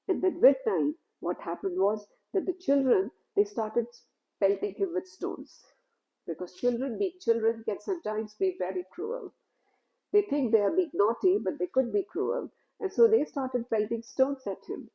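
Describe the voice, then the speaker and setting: A woman telling a devotional story in a gentle, measured way, with "you know" asides. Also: medium pitch, highs cut off.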